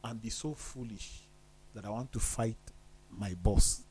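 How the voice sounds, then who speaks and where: A man's voice: lowish voice, measured pace, mellow, slight background noise. A man talking on a studio discussion show in an emphatic, preacherly way, firing off rhetorical questions.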